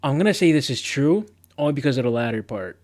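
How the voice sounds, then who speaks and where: A man's voice: medium pitch, lively intonation, fast, a little mellow, dry recording. Slangy young streamer man, dry close mic. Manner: laid-back, rambling, slangy, self-mocking. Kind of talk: casual live-stream chat, reading quiz questions.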